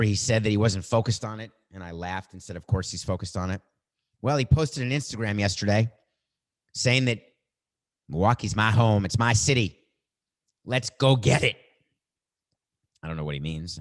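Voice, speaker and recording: A middle-aged man hosting a podcast, musing aloud in a reflective monologue. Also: on the low side. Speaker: podcast host.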